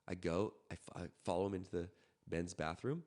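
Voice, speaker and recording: A man from Canada, a podcast guest, telling a story in a quick, animated way with frequent restarts. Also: sits low. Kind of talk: casual storytelling.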